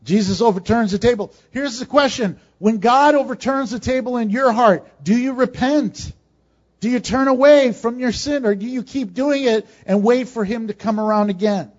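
A man preaching a sermon, swinging from emphatic, rising peaks to quiet, joking asides. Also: very high-pitched, normal speed. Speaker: pastor. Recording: dull lo-fi sound.

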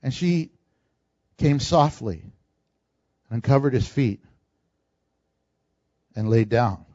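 A man preaching a sermon, animated, acting out the lines he quotes and laughing often. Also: mid-range voice, slow, no room sound, lo-fi sound.

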